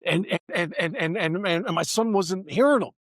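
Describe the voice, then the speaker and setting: A male podcast host in relaxed chat, with a fairly high voice. He drops swear words freely and caps his lines with "man". The recording is close and dry. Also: brisk, no echo. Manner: laid-back, swears, says "man" a lot. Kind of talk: casual chat.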